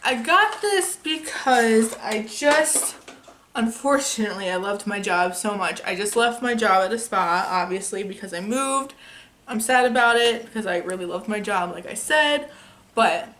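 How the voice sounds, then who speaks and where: A woman's voice: mid-range voice, lively intonation, measured pace, a bit bright, slight background noise. A young woman chatting casually as a beauty vlogger, enthusiastic and chatty, swearing now and then as she reviews products at home. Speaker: beauty youtuber. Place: home filming setup.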